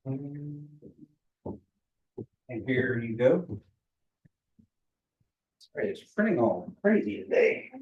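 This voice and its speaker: A man from Oklahoma teaching a small language class, patiently explaining pronunciation and repeating phrases slowly. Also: medium pitch, big pitch swings, darkish tone, dull audio. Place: meeting room with a small class.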